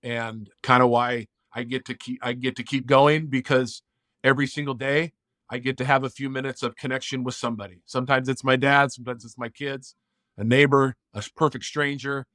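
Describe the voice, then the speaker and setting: A man's voice: medium pitch, little pitch movement, a little fast, pushed and bright, dry recording, studio quality. A man as a podcast guest, telling a personal story in an earnest, heartfelt way and acting out bits of dialogue. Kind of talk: casual interview storytelling.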